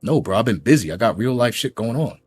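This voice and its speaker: A man's voice: mid-range voice, lively intonation, fast talker, darkish tone, soft background music. A man ranting on his gaming channel in a mocking, combative way as he reacts to a critic's clip. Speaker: YouTube gaming commentator. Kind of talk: reaction rant.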